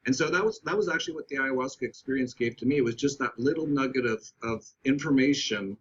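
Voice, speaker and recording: A man as a podcast guest, telling a candid personal story in a reflective, halting way with many restarts. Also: medium pitch, muffled recording, slight background noise.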